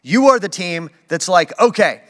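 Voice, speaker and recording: A man's voice: on the high side, animated, normal speed, a bit bright. A man preaching a sermon in a casual, conversational way, with playful acted asides. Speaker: pastor.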